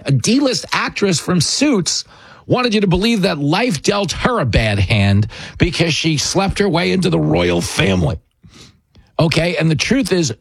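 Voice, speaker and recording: Comedy host, male, sarcastic monologue, lively husky delivery, dry close recording. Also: a little high, no echo. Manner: sarcastic, mocking.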